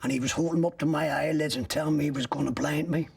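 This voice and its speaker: A man's voice: a little high, steady tone, fast talker. An older man giving personal testimony in a documentary interview, retelling events step by step and acting out what others said. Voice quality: gravelly, husky. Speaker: interviewee recounting his arrest. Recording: voice picked up from a distance.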